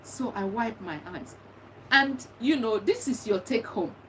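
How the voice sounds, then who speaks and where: Recorded from a distance with faint background noise, a middle-aged woman who lost a child gives testimony full of earnest, encouraging advice that she often repeats. Her voice sits on the high side, animated and a little slow.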